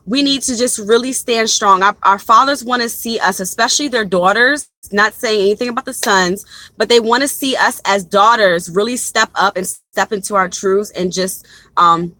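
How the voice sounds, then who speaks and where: A woman's voice: mid-range voice, moderate pace, pushed and bright, no room sound, low-quality recording. A young woman giving a casual live tarot reading from her car into a phone, chatty and rambling, talking straight to her viewers. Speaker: tarot reader. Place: parked car.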